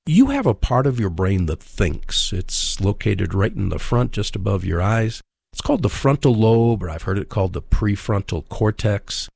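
Gravelly, emphatic male radio teacher. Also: fairly low pitch, big pitch swings, normal speed, a little mellow, no room sound, clean studio sound. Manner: emphatic, conversational, repeats key points. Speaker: radio Bible teacher on relationships.

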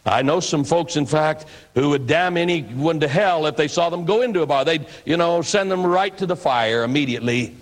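A man's voice: a little high, normal speed, hardly any pauses. A man preaching in a reflective, conversational storytelling manner. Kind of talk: storytelling sermon.

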